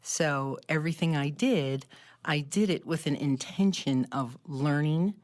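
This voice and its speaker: Low-voiced woman telling a story. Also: a little slow. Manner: animated, laughs often while talking. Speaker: club member telling her story. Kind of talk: casual storytelling in a group chat.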